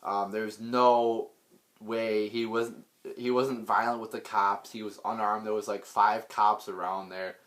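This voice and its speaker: A man's voice: on the low side, level tone, a little slow, a bit bright. A man delivering an unscripted political rant, blunt and profane, rambling with many restarts and repeated words. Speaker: political vlogger.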